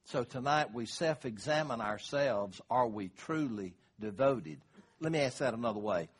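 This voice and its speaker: A man's voice: mid-range voice, animated, moderate pace, breathy edge. An older man, preaching a sermon in a folksy, conversational way. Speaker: pastor.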